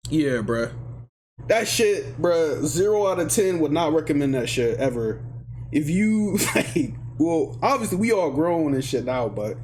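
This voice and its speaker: A young man telling a story in a casual vlog, full of slang, swinging between loud bursts and mumbles. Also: mid-range voice, slight background noise.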